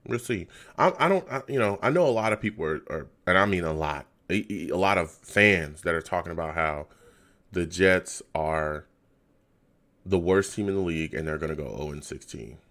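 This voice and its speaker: A man's voice: low voice, animated, normal speed, a bit bright. A man hosting a live fan reaction show, talking casually and sounding exasperated. He sighs, repeats himself and drops to a near whisper. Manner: exasperated, sighing and muttering.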